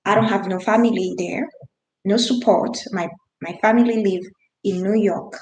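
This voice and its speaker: Woman, thirties, from Haiti; earnest personal storytelling to camera, mid pitch, roomy echo. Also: steady tone, moderate pace, darkish tone, slight background noise. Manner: earnest, emphatic, with frequent restarts and non-native grammar. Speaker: vlogger.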